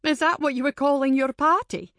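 A woman voicing a chatty, lively lady friend. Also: sits high, fairly quick, no room sound, studio quality, pitched above the performer's own voice.

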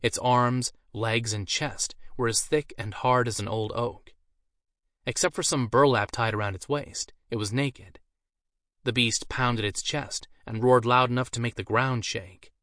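A man reading a fantasy story aloud with an even, storytelling delivery. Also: medium pitch, unhurried, no echo, studio quality. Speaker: narrator. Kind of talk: audiobook narration.

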